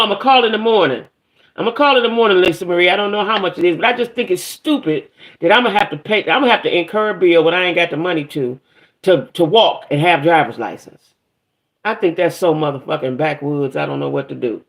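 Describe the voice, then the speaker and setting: A woman's voice: on the low side, a little fast, gravelly. A middle-aged woman hosting a casual livestream. She vents about her day in a profane, aggravated way and greets chat viewers by name as she goes. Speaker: livestream host.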